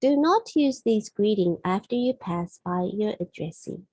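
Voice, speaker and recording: A woman from Japan with a Japanese accent gives a language lesson in a mellow, slightly husky voice. She explains slowly and carefully, often correcting herself mid-phrase. The recording is dry and close. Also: medium pitch, animated, no echo, low-quality recording. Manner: slow, careful explanations with frequent self-corrections. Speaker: Japanese teacher.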